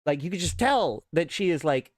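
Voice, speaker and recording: A man's voice: a little high, moderate pace, no room sound, studio quality. A man hosting his show, telling a frustrated story in a casual rant and acting out what other people told him. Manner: animated storyteller, acts out others' replies. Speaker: show host. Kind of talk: casual rant to a live audience.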